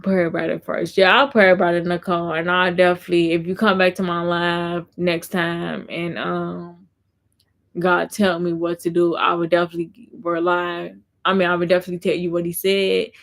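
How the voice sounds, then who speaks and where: Creaky-voiced woman vlogger. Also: on the low side, level tone, moderate pace. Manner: rambling and repetitive, heavy fillers. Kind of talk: casual live-stream chat.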